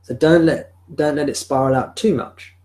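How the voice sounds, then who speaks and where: A man leading a live spiritual talk, guiding a listener with gentle, repeated questions. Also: a little high, fairly even intonation, normal speed. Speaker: spiritual teacher. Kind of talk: live satsang guidance. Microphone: video call or webcam.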